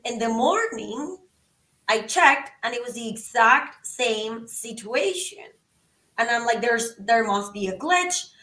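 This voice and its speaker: A woman's voice: a little high, bright, forceful tone. A woman from Venezuela, a podcast guest telling a story animatedly and acting out both sides of conversations. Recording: roomy, from a distance.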